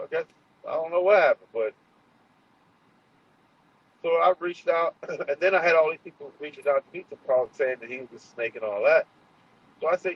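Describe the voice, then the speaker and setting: A man vents on a livestream, profane and confrontational, full of fillers and restarts. His voice sits a little high and sounds husky. The stream audio is muffled and lo-fi. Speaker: livestream host. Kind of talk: heated livestream monologue.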